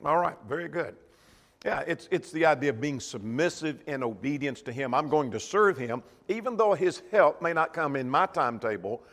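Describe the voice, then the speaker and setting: A man's voice: on the high side, animated, normal speed, fairly bright tone, big-room sound. A man teaching a church Bible class in a conversational way, asking the class questions as he goes.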